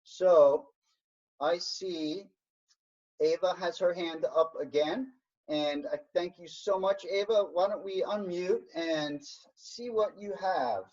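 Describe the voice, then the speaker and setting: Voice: medium pitch, slow pace, darkish tone. An instructor teaching an online science workshop, explaining step by step in an encouraging way over a video call. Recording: dull lo-fi video call audio.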